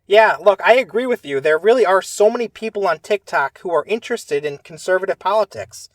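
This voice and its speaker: A man's voice: high-pitched, expressive, a little fast, no room sound. A man hosting a podcast, chatting casually and agreeably with his guest. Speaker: podcast host. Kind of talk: casual interview.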